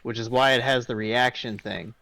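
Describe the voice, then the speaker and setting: A man's voice: medium pitch, fairly even intonation, normal speed, gravelly, sharp tone, no echo. A man playing a tabletop game who jokes, swears and talks through his moves as he goes. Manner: playful, swearing, thinking aloud. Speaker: player. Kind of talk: casual tabletop game chat.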